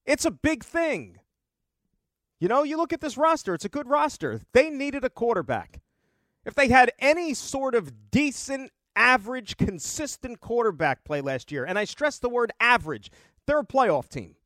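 A man's voice: sits high, a bit bright, dry recording, studio quality. A man hosting a sports talk radio show, arguing his points emphatically and repeating numbers for effect.

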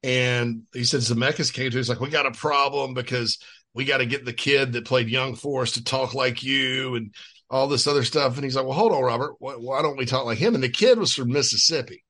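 A man co-hosting a sports podcast, talking in a folksy, quick way full of restarts. His tone is bright and forward, at a middling pitch. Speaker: co-host. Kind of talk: casual sports podcast chat.

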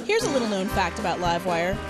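Female announcer, wry and friendly, mid pitch, music bed. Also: very animated, quick pace, crowd noise. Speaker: show announcer. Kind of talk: donation appeal.

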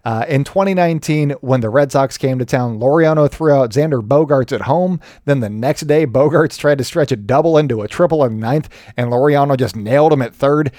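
A man's voice: mid-range voice, a little fast, hardly any pauses, dark tone, no room sound, clean studio sound. A man hosting a solo sports podcast in a chatty, joking and self-deprecating way. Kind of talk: casual solo podcast commentary.

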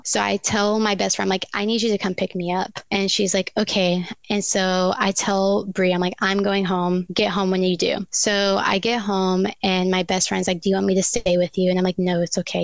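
A woman's voice: medium pitch, creaky, no room sound. A young woman casually telling a personal breakup story on a podcast, acting out the dialogue of the people in it as she goes. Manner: animated retelling, acts out quoted dialogue.

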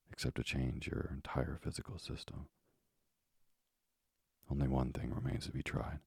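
A man in whispered role-play voicing an impetuous, devoted scientist husband in a breathy, urgent whisper. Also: rumbling low, a little mellow, dry recording, clean studio sound, full character voice.

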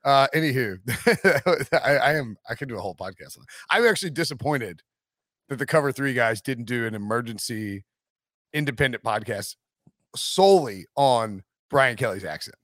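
A man's voice: mid-range voice, lively intonation, moderate pace, a bit bright, no echo. Guy hosting a sports podcast, jokey and chatty, bouncy voice, dry sound. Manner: chatty, joking, laughs often. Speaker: podcast host. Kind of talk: casual sports podcast chat.

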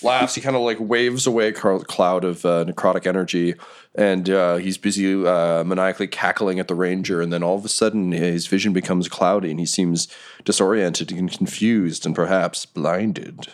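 A man narrating as game master of a tabletop game, describing the action in a halting, chuckling way with many fillers. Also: sits low, steady tone.

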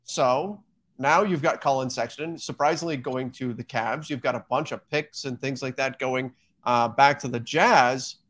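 Male podcast host, mid-range voice, relaxed questioner who keeps the chat moving. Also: mid-range voice, normal speed. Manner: steers the talk with questions.

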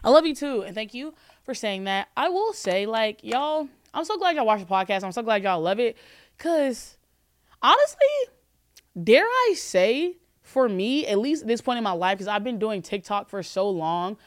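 A woman in her twenties hosting a podcast, chatting casually and answering calls with animated, profane, joking rants. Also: medium pitch, moderate pace, clear, resonant tone, no room sound, clean studio sound. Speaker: podcast host.

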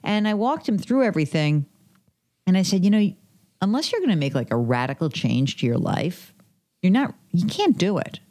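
Woman podcast guest, personal finance author, a bit low-pitched, conversational storyteller who acts out quoted lines. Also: very animated, moderate pace, dark tone. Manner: chatty, acts out quoted dialogue, many fillers.

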